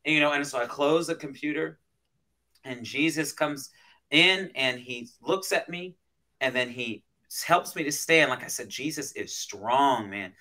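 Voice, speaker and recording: A man, a pastor, telling a personal story as a guest in an interview, animated and emotional, with frequent restarts. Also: medium pitch, unhurried. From United States.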